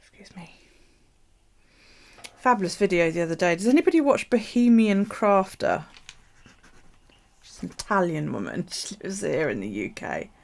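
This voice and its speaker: Gravelly woman, chatty crafter. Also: fairly low pitch, big pitch swings, normal speed, pauses often. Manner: chatty, rambling, swears freely, laughs at herself. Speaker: craft live streamer. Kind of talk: casual crafting chat. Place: home craft space.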